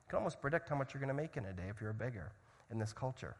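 A man preaching a sermon, telling a story dramatically and swinging from loud shouts to hushed tones. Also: medium pitch, expressive, racing, in a large hall.

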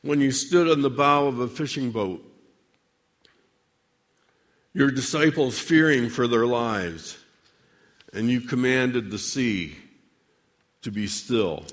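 A man preaching a dramatic sermon monologue addressed to God, with measured, theatrical delivery and long pauses. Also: fairly high pitch, fairly bright tone, in a large hall.

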